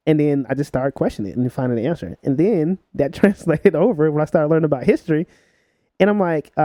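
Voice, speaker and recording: A man's voice: mid-range voice, a little fast, warm tone, no echo. Laughing young man telling stories. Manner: laughs while telling stories, many fillers. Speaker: podcast guest. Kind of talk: casual storytelling chat.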